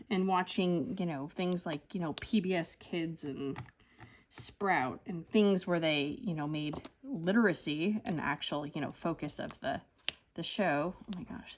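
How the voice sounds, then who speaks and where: A woman in her thirties chatting casually in a rambling, animated way while she crafts, with lots of fillers. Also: lowish voice, slight background noise. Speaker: crafting channel host.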